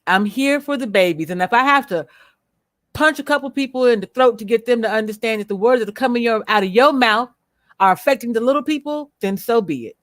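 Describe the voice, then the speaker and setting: A woman hosting a livestream, speaking bluntly and with profanity as she rants at viewers, slowing down to stress her words. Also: a little high, no room sound, clean studio sound. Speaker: livestream host. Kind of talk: unscripted livestream commentary.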